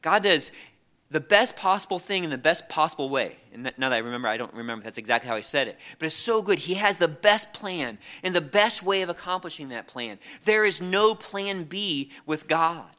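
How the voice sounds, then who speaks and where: Male preacher, earnest sermon delivery, bright and fairly high voice, stumbles and repeats words. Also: animated, brisk. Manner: earnest, repeats words when restarting, reads scripture aloud.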